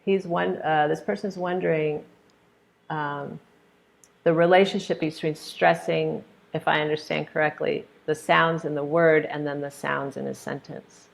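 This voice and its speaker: A woman's voice: low-pitched, steady tone, unhurried, gravelly. A woman with an American accent teaching pronunciation in a live online webinar, explaining with examples and answering viewers' questions in a friendly way.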